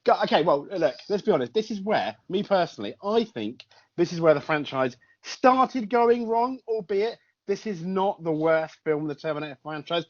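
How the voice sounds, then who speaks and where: A man's voice: high voice, normal speed, muffled recording. A man co-hosting a casual film review podcast, joking crudely with a lot of energy. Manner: animated, jokey, crude. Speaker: podcast co-host.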